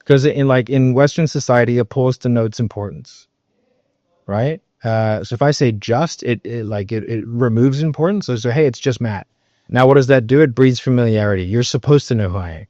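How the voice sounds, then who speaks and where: A man's voice: medium pitch, a little fast, warm tone, no echo. A man with a mid-range voice coaches on sales in a loose, emphatic way, peppering his talk with fillers, the odd curse and constant "right?" checks. The recording is dry and a little dull, with no room sound. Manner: emphatic, loose, swears, many fillers and tag questions. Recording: dull, slightly muffled recording.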